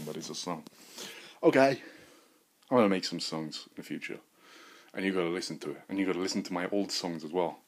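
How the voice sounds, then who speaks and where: A man rambling through a crude, joking solo monologue as a podcast host, swinging into loud bursts of mock bravado. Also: deep voice.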